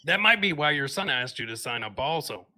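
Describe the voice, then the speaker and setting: Sharp-toned man ribbing dryly. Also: a little high, lively intonation, fairly quick. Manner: dry ribbing. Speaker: podcast co-host. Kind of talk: casual comedy chat.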